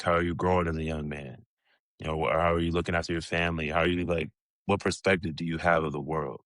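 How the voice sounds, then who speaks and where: A man in his thirties, a former pro athlete, telling stories in a relaxed interview, cursing freely and chuckling often. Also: sits low, no echo, clean studio sound. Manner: laid-back, swears freely, chuckles often. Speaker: podcast guest, retired pro basketball player. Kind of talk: casual storytelling interview.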